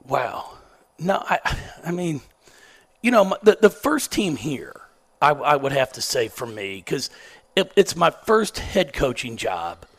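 A middle-aged basketball coach who stutters tells self-mocking stories in a sarcastic, laid-back way during a casual storytelling interview. His voice is a little high and sing-song, at a measured pace.

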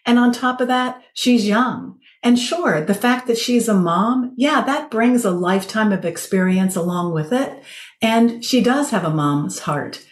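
A woman, a podcast guest, telling stories from her career in a casual, animated way. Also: on the high side, a little slow. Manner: animated storyteller, laughs while telling anecdotes. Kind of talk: casual conversation. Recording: roomy echo.

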